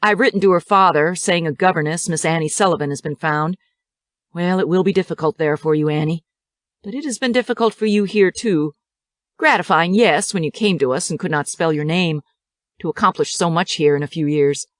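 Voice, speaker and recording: A woman reading the part of a kindly older male school director who counsels and teases gently. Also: on the low side, brisk, no room sound, clean studio sound, close to an everyday voice. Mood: counseling. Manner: gentle, counseling, lightly teasing.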